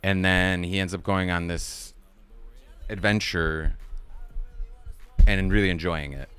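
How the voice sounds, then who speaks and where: A man's voice: low voice, steady tone, slow, a bit bright, smooth, soft background music. A man recapping a kids movie on a live stream in a casual, rambling way, swearing often and laughing at his own jokes.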